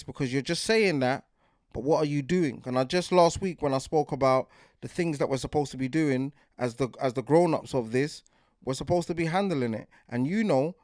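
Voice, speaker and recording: A man's voice: on the high side, a little mellow, no room sound, clean studio sound. A man in his forties with a London accent, hosting a podcast in casual, rambling talk that keeps asking if you get what he's saying. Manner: rambling, repeats "do you get what I'm saying", grows more heated. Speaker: podcast host.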